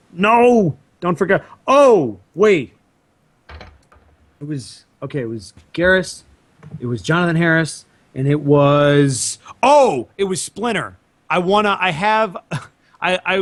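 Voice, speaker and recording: A man's voice: fairly high pitch, no room sound. A young man, a voice actor, chatting casually and playfully, often slipping into impressions. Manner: playful, quick to slip into impressions. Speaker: voice actor guest.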